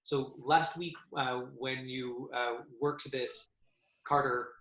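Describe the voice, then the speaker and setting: A man teaching an acting class, explaining a script to his students in a halting way, with many fillers and restarts. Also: medium pitch, steady tone, fairly bright tone, echoey room, poor audio.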